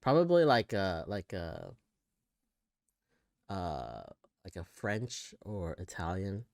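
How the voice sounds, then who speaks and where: A man's voice: sits low, huge pitch swings, takes it slowly, gravelly, a little mellow, no echo, studio quality. A man with an American accent co-hosting a casual podcast, hesitant and trailing off with fillers and small laughs. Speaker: podcast co-host. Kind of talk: casual chat.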